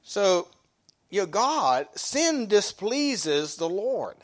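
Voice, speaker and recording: A man's voice: sits high, very animated. Folksy male pastor preaching. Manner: folksy, repeats and restarts phrases, reads scripture slowly. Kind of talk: sermon.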